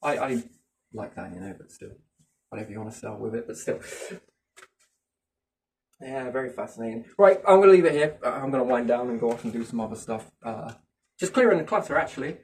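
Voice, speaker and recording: A man's voice: medium pitch, a little fast, long pauses, slight background noise. Rambling man, mic a bit distant. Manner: rambling, musing, keeps asking rhetorical questions. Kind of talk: casual speculative chat.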